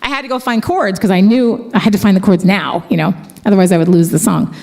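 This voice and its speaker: A middle-aged woman worship leader telling a heartfelt story between songs at a church concert, chatty and quick to laugh. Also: medium pitch, gravelly, dark tone. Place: church event space.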